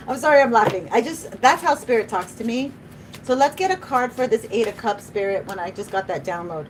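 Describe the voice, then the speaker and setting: A woman's voice: on the high side, expressive, normal speed, slight background noise, poor audio. A woman doing a live tarot reading, chatty and emotional, often laughing and speaking to spirit. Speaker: tarot reader.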